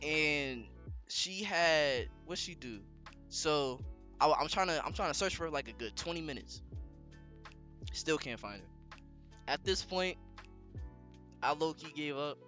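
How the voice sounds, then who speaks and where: A young man casually telling a story on a podcast, slangy and animated, with lots of fillers. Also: fairly high pitch, a little slow, long pauses, soft background music. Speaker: podcast co-host.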